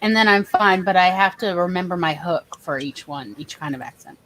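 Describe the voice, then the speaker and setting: A woman's voice: on the low side, moderate pace, a bit bright, a little hiss or hum, rough recording. A woman joining a casual stream chat, chatty and encouraging. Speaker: stream guest.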